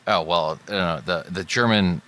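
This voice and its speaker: American male co-host, very low and forceful, hesitant and wry. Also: unhurried. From United States. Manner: hesitant, filler-heavy, wry. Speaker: podcast co-host. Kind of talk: casual chat.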